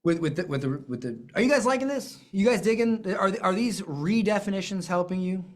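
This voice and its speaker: A business coach teaching a live lesson, emphatic and animated, with self-deprecating asides and repeated phrases. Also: mid-range voice, fairly quick.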